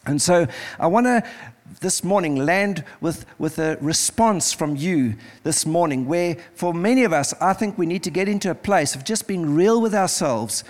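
A man's voice: sits high, expressive, normal speed. A man preaching as pastor in a church service, earnest and pleading, repeating phrases as he leads an altar call. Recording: music playing behind.

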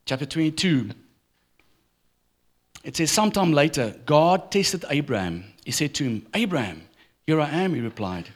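A middle-aged pastor preaches a sermon in church, telling humorous stories with a lively delivery. His voice sits fairly high, moving at a normal speed with long pauses.

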